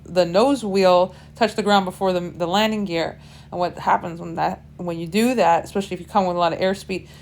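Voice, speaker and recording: A woman's voice: mid-range voice, a little hiss or hum. A young woman tells a story about her own life in a loose, chatty way, stumbling over restarts and cheerfully swearing. She talks from the cockpit of a small plane in flight, picked up by a headset mic. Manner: chatty, candid, self-deprecating, with restarts and swearing. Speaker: vlogger and pilot. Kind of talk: casual storytelling vlog.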